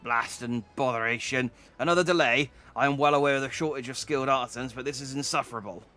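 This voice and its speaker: A stern, proud shipyard master voiced by a man, stiff and formal, delivering orders in a declamatory tone. His voice is mid-pitched and steady, with faint game music beneath. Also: quick pace, natural voice. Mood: irritated.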